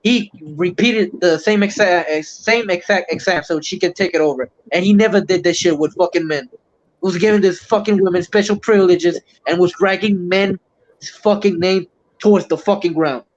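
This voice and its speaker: A man's voice: high voice, normal speed. A man hosting a livestream, ranting in casual, heavily profane chat. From Puerto Rico. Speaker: livestream host. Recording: muffled lo-fi stream audio.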